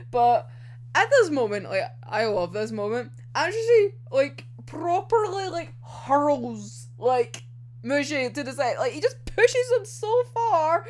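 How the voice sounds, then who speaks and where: Young woman, high voice, lively swooping pitch, giggly, swears a lot, casual anime recap. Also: a little hiss or hum. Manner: giggly, swears freely, acts out characters' lines. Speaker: anime episode reviewer.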